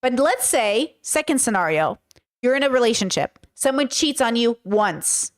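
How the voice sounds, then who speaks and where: A woman's voice: on the high side, lively intonation, normal speed. A woman hosting a podcast, talking frankly and casually with her chat, swearing now and then. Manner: chatty, frank, swears, acts out quoted speech. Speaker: podcast host. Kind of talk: casual commentary reacting to chat.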